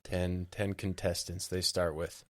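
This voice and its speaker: Brief: male podcast co-host, very low voice, relaxed and agreeable, dry mic. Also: measured pace, no room sound. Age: adult. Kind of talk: casual chat.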